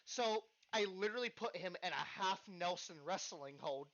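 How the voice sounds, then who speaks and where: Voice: medium pitch, animated, normal speed, fairly bright tone. A podcast host telling a story in casual chat, acting out the voices and swearing freely. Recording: dull lo-fi podcast recording.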